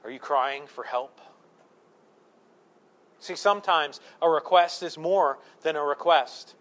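A middle-aged male pastor preaching a sermon, animated, telling stories and asking the congregation rhetorical questions. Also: on the high side. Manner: animated storytelling with acted-out quotes and rhetorical questions.

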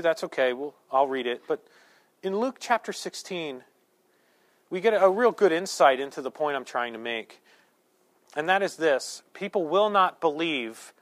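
A man delivers a sermon in a church with a voice pitched noticeably high for a man. He keeps it conversational, tossing in jokes and asides, then suddenly bursts out loud to drive a point home. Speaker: pastor. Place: church sanctuary.

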